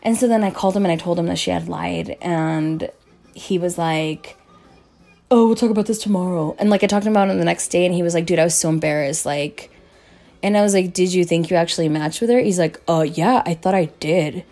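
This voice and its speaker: Animated profane young woman storyteller. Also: on the low side, brisk, vocal fry. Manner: profane, animated, acts out quoted voices. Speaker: streamer telling a story. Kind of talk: casual storytelling chat.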